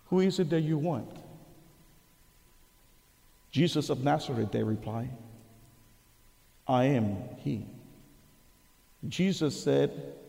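Preacher with a dark voice in a big hall. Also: male voice, medium pitch, creaky. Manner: earnest, drops to hushed voice for emphasis. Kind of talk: sermon with storytelling. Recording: long reverb of a large hall.

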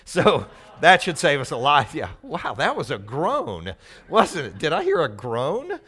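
A man's voice: on the high side, huge pitch swings, a little slow, bright, forceful tone, slightly rough. Conversational man teaching scripture. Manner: conversational and explanatory, teasing the audience. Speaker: Bible teacher. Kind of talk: expository Bible teaching to a live group.

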